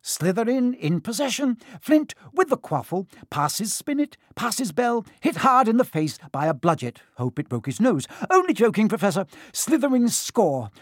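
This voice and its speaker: A man's voice: high voice, normal speed, hardly any pauses, no echo, clean studio sound, voice pushed up. A man voicing a cheeky young match commentator calling play-by-play. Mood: excited. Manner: lively, excited play-by-play.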